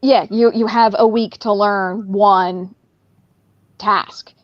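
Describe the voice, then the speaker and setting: A woman guest in a casual conversation who talks in an animated way and often acts out what a dog might be thinking. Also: mid-range voice, slow, no room sound, muffled recording.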